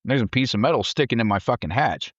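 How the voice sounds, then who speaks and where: A man's voice: quick pace, no room sound, highs cut off. A man telling war stories in casual conversation, swearing freely and acting out quotes in a raised voice. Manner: profane, animated, acts out quotes in a shouted high voice. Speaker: podcast guest, Marine veteran. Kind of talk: casual storytelling.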